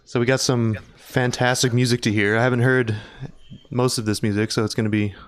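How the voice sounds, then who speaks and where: A man's voice: mid-range voice, flat delivery, a little fast. A man hosting a casual podcast interview, easygoing and laughing along with his guest. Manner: easygoing, laughs along, asks short questions. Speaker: podcast host.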